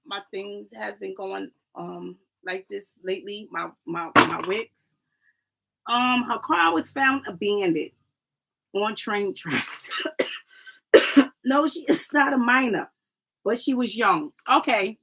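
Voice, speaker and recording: A woman's voice: mid-range voice, expressive, slow pace, creaky, background noise. A woman doing a casual livestream oracle card reading, chatty and rambling, who often adds "right?", calls viewers "family" and stumbles over names.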